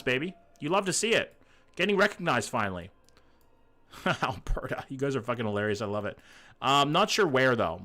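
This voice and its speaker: A man's voice: a little high, fairly bright tone. A man streaming a geography game, chatting casually and reading chat aloud, swearing freely, a little sick. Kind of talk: casual live-stream chat while gaming.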